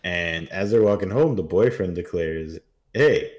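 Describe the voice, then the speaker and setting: A man's voice: deep voice, moderate pace, a little mellow. A man co-hosting a podcast, casually recapping an episode with wry jokes. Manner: wry joking asides. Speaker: podcast co-host.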